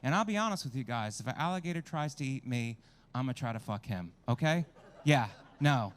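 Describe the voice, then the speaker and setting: A man's voice: mid-range voice, animated, a little fast. A man performing a stand-up comedy set with crude, self-mocking crowd work, at a small outdoor show.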